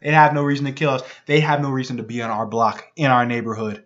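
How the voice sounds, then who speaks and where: A man's voice: medium pitch, little pitch movement, fast, fairly bright tone. A man reading news reports aloud and commenting on them. He repeats phrases for emphasis and keeps checking in with the listener. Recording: dull lo-fi recording.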